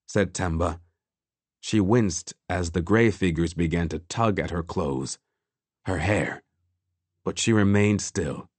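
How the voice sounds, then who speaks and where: A man reading a fantasy novel aloud as scripted narration, measured and grave. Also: deep voice, a little mellow, husky, no echo. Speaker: audiobook narrator.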